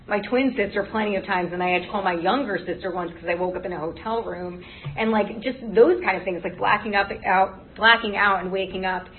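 A young adult woman sharing her story at a recovery meeting, rambling with many "like" and "um" fillers. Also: medium pitch. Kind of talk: personal testimony at a meeting. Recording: tinny phone-like recording.

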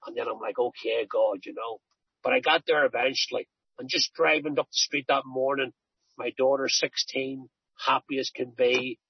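A man's voice: mid-range voice, steady tone, moderate pace, slightly rough, no room sound, highs cut off. A middle-aged man giving an earnest personal recovery testimony, telling stories and often repeating himself. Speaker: recovery speaker.

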